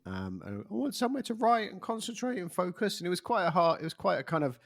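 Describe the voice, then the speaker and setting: A man's voice: high voice, sing-song, quick pace. A man hosting a casual interview who rambles and often stops himself mid-thought. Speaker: podcast host.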